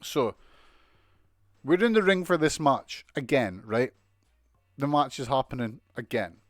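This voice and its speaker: A man's voice: medium pitch, expressive, a little slow, fairly bright tone, dry recording, clean studio sound, soft background music. A man with a British accent giving a casual, sweary, mocking recap of a wrestling show. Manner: sweary, mocking, exasperated ranting with laughs.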